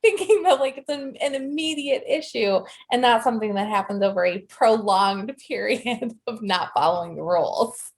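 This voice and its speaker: A woman co-hosting a relaxed podcast chat. She rambles and restarts her sentences as she talks. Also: mid-range voice, normal speed, hardly any pauses. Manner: rambling, chatty, with restarts and laughter. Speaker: podcast co-host. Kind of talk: casual chat.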